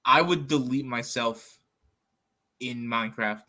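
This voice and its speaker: A man's voice: mid-range voice, unhurried, pushed and bright. A man co-hosting a podcast, chatting casually and tossing in joking interjections. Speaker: podcast co-host. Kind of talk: casual chat.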